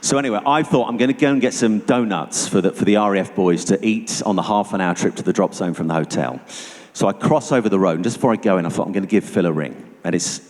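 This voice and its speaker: A man giving a personal testimony to an audience as a guest speaker, telling it vividly and going hushed at tense moments. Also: on the low side, fast. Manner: vivid storytelling, dropping to hushed tones for tension. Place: church hall. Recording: long reverb of a church hall.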